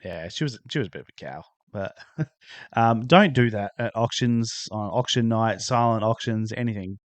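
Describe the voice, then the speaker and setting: A man's voice: fairly low pitch, moderate pace, dry recording. Laid-back podcast guy. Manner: laid-back, laughs along. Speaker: podcast host. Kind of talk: casual chat.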